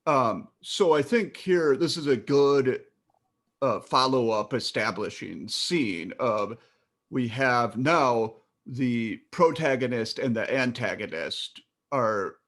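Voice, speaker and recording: A man co-hosting a film podcast, speaking in a measured way, quoting lines and agreeing briefly. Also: mid-range voice, lively intonation, a bit bright. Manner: measured, quotes dialogue, short agreements. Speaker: podcast co-host. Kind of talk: casual film discussion.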